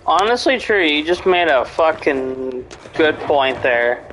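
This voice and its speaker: A man's voice: on the high side, animated, takes it slowly, a bit bright, slight background noise, poor audio. A man in casual chat, rambling and swearing a lot, with many fillers and restarts. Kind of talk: casual chat about horror movies.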